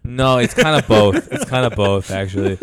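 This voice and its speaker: A man's voice: on the low side, lively intonation, moderate pace. A man co-hosting a podcast in casual, joking chat. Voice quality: gravelly. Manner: joking, playful. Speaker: podcast co-host.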